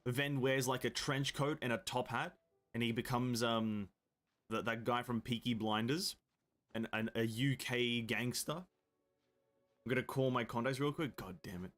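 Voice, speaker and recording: A young man chats loosely to his live-stream audience while he plays. He rambles from one joke to the next and reads viewer comments aloud, his pitch sitting in an ordinary middle range. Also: fairly even intonation, a little slow, fairly bright tone, faint music behind. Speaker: game streamer. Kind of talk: casual live-stream chat.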